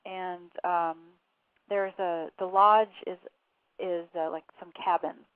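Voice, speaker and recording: A woman with a lowish voice tells a story in a phone interview, acting out bits of dialogue between her fillers. The call sounds tinny and dry, as if heard down a narrow phone line. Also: fairly even intonation, slow pace, clean tone, no echo. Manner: recounting events with quoted dialogue and fillers. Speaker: author and interview guest.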